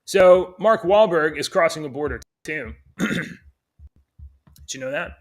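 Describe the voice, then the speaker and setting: A man co-hosts a casual morning show in a somewhat high voice. He rambles through news items with joking asides. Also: measured pace. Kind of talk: casual chat.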